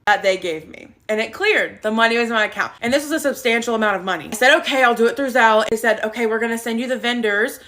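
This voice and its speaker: A woman telling a storytime vlog, animated and exasperated. Her voice is bright and a touch high. She acts out her own side of the conversation as she goes. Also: fast talker, few pauses.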